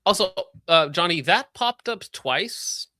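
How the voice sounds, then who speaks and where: Bright-voiced guy reading super chats, joking around, dry mic. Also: sits high, lively intonation, no echo. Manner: sarcastic, joking, quick asides. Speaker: streamer reading donations. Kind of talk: casual livestream chat.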